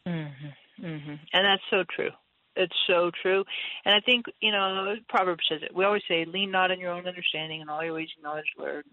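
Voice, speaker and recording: A woman's voice: fairly low pitch, a little fast, dry recording. A woman guest in a casual faith conversation, candid and laughing often as she acts out her own voice in stories. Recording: tinny phone-like line, dry.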